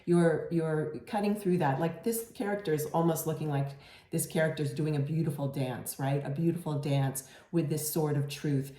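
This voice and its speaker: Low mellow woman doing a tarot reading, soft and reassuring, lots of ums, echoey room. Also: fairly even intonation, normal speed. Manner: gentle, reassuring, many fillers and restarts. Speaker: tarot reader. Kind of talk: casual tarot reading to camera.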